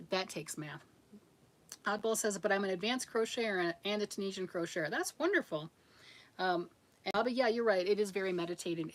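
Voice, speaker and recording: A middle-aged woman casually chatting on a livestream, reading out viewer comments and answering them in a chatty, encouraging way with frequent laughs. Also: on the low side. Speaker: livestream host of a crochet channel.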